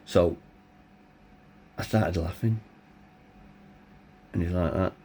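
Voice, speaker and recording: Blunt, deep-voiced middle-aged man. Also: slow, dark tone, a little hiss or hum. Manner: blunt, candid, swears freely. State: hoarse, voice tiring. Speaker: vlogger. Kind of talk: personal storytelling.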